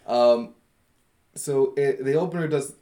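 A man's voice: medium pitch, unhurried, mellow. A man co-hosting a podcast in casual chat, easygoing and steering the talk, laughing often. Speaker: podcast co-host.

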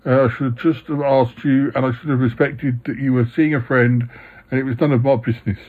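A man's voice: medium pitch, steady tone, fairly quick, husky, close to an everyday voice. A man doing a stammering, sheepish yeti. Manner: stammering, apologetic. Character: sheepish, bumbling male yeti uncle. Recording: dull lo-fi sound.

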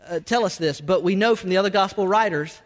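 A man's voice: sits high, fast, big-room sound. A man preaching a sermon as a pastor, emphatic and repeating his words as he drives points home. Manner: emphatic, repeats words, Southern-style y'all.

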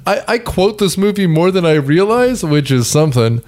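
A man's voice: sits high, big pitch swings, moderate pace, darkish tone. A man with a Midwestern accent hosting a casual movie podcast, rambling and joking with his co-hosts. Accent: Midwestern American. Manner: rambling, joking, self-deprecating. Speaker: podcast host. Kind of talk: casual movie-review chat.

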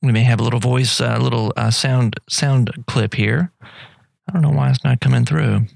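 Middle-aged male radio host, gravelly, dry studio sound, loose rambling chat. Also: medium pitch, steady tone, moderate pace, darkish tone, dry recording. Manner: rambling, friendly, many fillers and restarts. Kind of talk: casual live radio talk.

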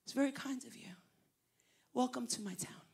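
A woman voicing a big, powerful local man who speaks softly and calmly, with quiet authority. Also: sits high, moderate pace, creaky, slightly rough, exaggerated voice.

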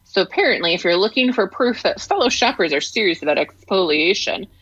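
A woman's voice: mid-range voice, expressive, brisk, fairly bright tone, husky, no echo, dull audio. A woman co-host on a video call with headphones, reading hesitantly with many fillers. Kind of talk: casual chat over a video call.

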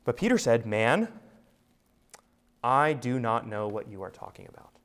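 A man's voice: mid-range voice, big pitch swings, unhurried, a bit bright. A man preaching an expository sermon, emphatic and full of rhetorical questions. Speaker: pastor.

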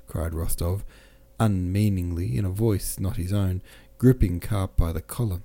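Deep, dark-toned male audiobook narrator. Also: a little slow, few pauses. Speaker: podcast host and reader. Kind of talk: scripted narration of a classic novel.

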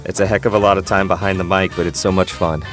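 A man's voice: low-pitched, flat delivery, fast talker, over music. A man from Cincinnati, an audiobook narrator guesting on a podcast, upbeat and enthusiastic. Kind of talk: casual interview.

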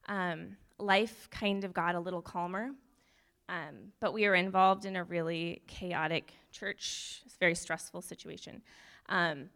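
Young woman, nervous testimony talk, rambling, self-deprecating, frequent laughter, middle pitch. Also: bright, forceful tone. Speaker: nurse sharing a testimony.

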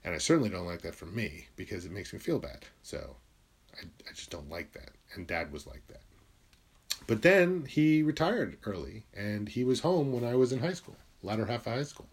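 Blunt, confessional man from Connecticut. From Connecticut, USA. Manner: blunt and confessional, swears freely, drops into quiet low asides. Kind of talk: candid personal monologue.

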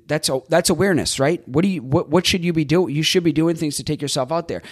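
A man with a somewhat high voice hosts a podcast and talks through ideas on his own. His delivery is chatty and loose. He thinks out loud and keeps checking in with rhetorical questions. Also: quick pace, slightly rough. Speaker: podcast host. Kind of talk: solo podcast recap.

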